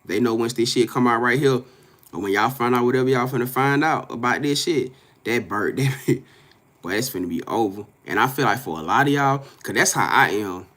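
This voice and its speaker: Here a tarot reader's medium-pitched voice comes across fairly quick and fairly bright. It's a laid-back live stream where he addresses viewers head-on, swearing emphatically, circling back to the same lines and laughing often.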